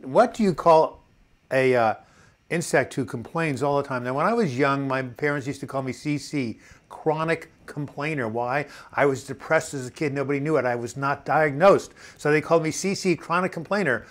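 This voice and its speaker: A man's voice: on the high side, moderate pace. An older man with a New York accent hosts a casual live chat, reading viewer comments aloud and telling corny jokes. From New York City.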